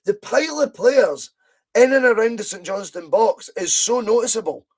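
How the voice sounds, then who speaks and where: A Scottish man hosting a live football watch-along from home, chatting with viewers and breaking into excited commentary. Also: high-pitched, moderate pace, husky. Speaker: podcast host doing live fan commentary.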